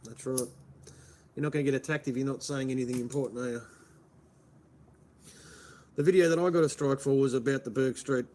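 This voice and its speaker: A man's voice: mid-range voice, a little mellow. A man from Melbourne with an Australian accent, chatting casually on a livestream, rambling and answering his chat. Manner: rambling, answers chat, says "mate" a lot. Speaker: live streamer.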